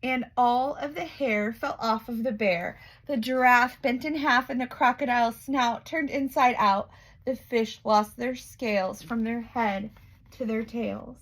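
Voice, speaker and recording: A woman storyteller reading a rhyming children's picture book aloud. She takes her time with each line, in a slightly high, expressive voice. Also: unhurried, poor audio.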